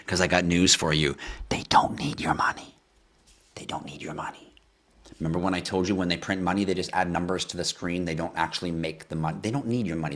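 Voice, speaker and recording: Speaking in a low voice, a livestream host rants his way through chat questions, swearing and abruptly breaking into yells.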